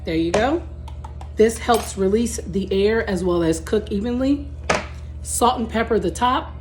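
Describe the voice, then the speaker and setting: A woman's voice: mid-range voice, unhurried, darkish tone, faint music behind. A woman from Texas with a Southern accent, hosting her own cooking channel and chatting casually as she walks viewers through each step.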